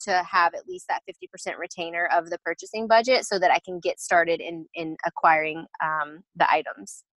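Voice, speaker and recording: A woman's voice: on the low side, steady tone, brisk, a bit bright, no echo, low-quality recording. Woman, designer type, casual explainer with lots of ums and restarts; dry close sound. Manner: chatty, explanatory, many fillers and restarts. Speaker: interior designer. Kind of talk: casual podcast interview.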